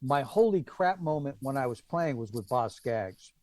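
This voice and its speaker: A man telling stories as a guest drummer in a casual chat, acting out quotes in a higher voice. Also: normal speed, no echo. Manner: animated, acts out quotes with raised pitch. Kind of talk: casual storytelling.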